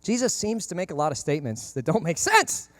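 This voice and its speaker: A man preaching a lively, chatty sermon at a brisk clip, his voice sitting fairly high for a man. He slips into the voices of the people he quotes and throws in dry jokes as he goes. The sound is close and dry, with little room to it. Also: no echo. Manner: animated, conversational, acts out quoted voices; humorous asides. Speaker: pastor.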